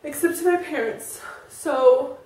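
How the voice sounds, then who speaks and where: A woman's voice: sits high, unhurried, darkish tone. A woman in her thirties telling a personal story to camera in a rambling way, full of "like" and restarts. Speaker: vlogger. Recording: roomy, distant from the mic.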